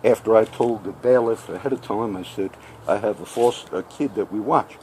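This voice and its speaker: A man telling a personal story in casual speech, animated and acting out both sides of the conversation. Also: fairly low pitch, normal speed, a little hiss or hum. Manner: animated, acts out each side of the dialogue; repeats "I said" often. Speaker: storyteller recounting a personal legal run-in.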